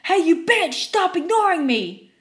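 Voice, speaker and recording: A woman's voice: extremely high pitch, big pitch swings, measured pace, voice pushed up, exaggerated voice. A woman voicing a furious man in his fifties who screams and curses at a drive-thru worker. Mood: yelling. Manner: screaming, cursing, ranting.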